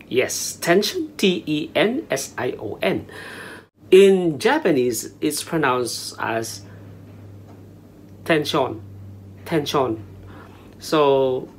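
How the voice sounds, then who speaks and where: A language teacher gives a casual lesson in a small room, mixing Tagalog and English and spelling words out letter by letter. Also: mid-range voice.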